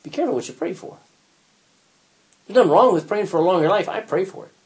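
Older man, Bible teacher, chatty and animated, pitch swinging widely as he tells stories. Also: quick pace. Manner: animated storyteller, acts out quotes, frequent restarts. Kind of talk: informal Bible lesson.

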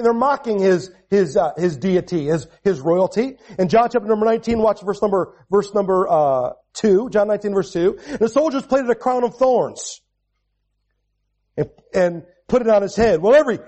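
A man in his forties preaching a sermon, repeating and restarting phrases, moving from quiet storytelling to raised proclamation. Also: sits high, lo-fi sound. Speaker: pastor.

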